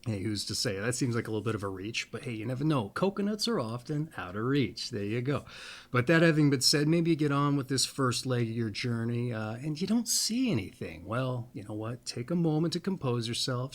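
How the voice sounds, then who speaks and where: A man hosting an astrology video, rambling playfully with little asides, then reading a birthday text slowly and deliberately. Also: medium pitch, sing-song. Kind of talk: casual monologue and reading aloud.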